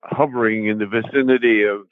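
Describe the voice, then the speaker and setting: A man's voice: on the low side, fairly even intonation, brisk, no room sound, narrow, tinny audio. An older actor recalling his work in an interview, speaking hesitantly, with many restarts and ums. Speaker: guest actor. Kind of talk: interview recollection.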